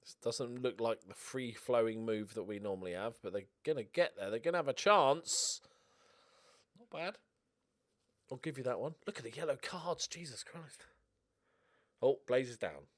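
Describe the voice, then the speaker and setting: A man giving casual gaming commentary as a streamer, getting excited and swearing as he cheers on his team. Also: medium pitch, normal speed, long pauses. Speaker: game streamer.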